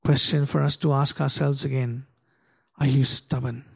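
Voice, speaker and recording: A man preaching a sermon, asking the congregation rhetorical questions and reading scripture slowly and dramatically. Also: medium pitch, level tone, creaky, husky. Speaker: pastor.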